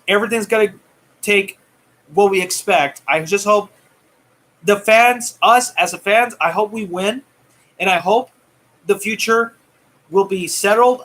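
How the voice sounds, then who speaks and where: Bright-voiced man ranting heatedly. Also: sits high. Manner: heated, taunting, swings loud and soft. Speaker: movie news vlogger. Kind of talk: ranting commentary.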